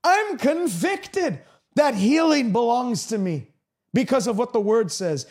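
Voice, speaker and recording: A man's voice: very high voice, big pitch swings, a little slow, darkish tone. A man preaching a broadcast sermon with an emphatic, repetitive cadence.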